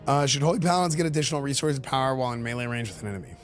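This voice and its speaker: A male streamer giving excitable, rambling live commentary, full of fillers and repeated words. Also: mid-range voice, racing, soft background music. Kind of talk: live-stream commentary reacting to game questions.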